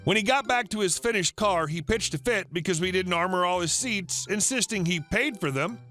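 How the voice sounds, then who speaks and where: Upbeat high-voiced male narrator, lively reading, soft music underneath. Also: moderate pace. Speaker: story narrator. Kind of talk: scripted narration of online stories.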